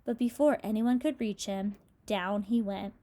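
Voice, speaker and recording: A woman reads a children's storybook aloud at a middle pitch. She narrates the story plainly and brings its characters to life with lively voices. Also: unhurried. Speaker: storybook reader. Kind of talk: reading a children's book aloud.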